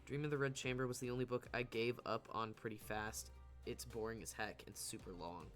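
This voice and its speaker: Bright-voiced joking game streamer man. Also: medium pitch, steady tone, a little fast, soft background music. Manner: chatty, jokey, reacts with outbursts. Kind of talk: casual game commentary, reading dialogue aloud.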